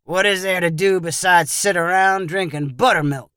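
A man's voice: high voice, moderate pace, a bit bright, smooth, dry recording, clean studio sound. A man reading the part of a rowdy, pushy young visitor who talks in a demanding, mocking way.

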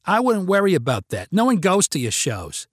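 A man's voice: high voice, huge pitch swings, dry recording, clean studio sound, full character voice. A man voicing a pushy, teasing sister. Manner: brisk, persuasive, teasing. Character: Lisa, the narrator's take on a pushy sister, adult woman.

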